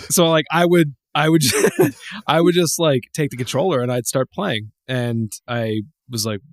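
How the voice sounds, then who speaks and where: A man co-hosting a podcast in relaxed, casual chat. His pitch swings around with animation, and he rambles with plenty of restarts. The sound is dry and close to the mic. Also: unhurried, no room sound. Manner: rambling, laughing, swearing, many restarts. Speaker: podcast co-host.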